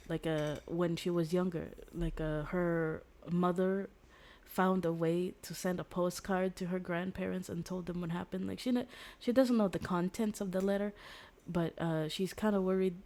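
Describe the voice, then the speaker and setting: Rambling young woman streamer, lowish voice. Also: fairly even intonation, moderate pace, a little mellow. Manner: rambling, full of "like" fillers and restarts. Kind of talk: casual storytelling recap of a book.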